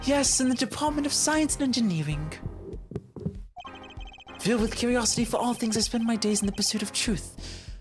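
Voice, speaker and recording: A woman's voice: a little high, normal speed, long pauses, music in the background, voice pushed up, natural voice. A woman voicing a pompous, long-winded young male student with a posh manner while acting out a game.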